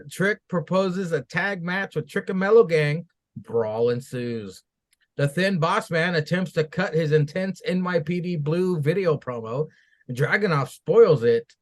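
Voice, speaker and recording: A man co-hosting a wrestling podcast, recapping the events and cursing as he jokes about them. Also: on the high side. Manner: recaps events, then swears and laughs at them. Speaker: podcast co-host. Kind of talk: reading and joking through a wrestling recap.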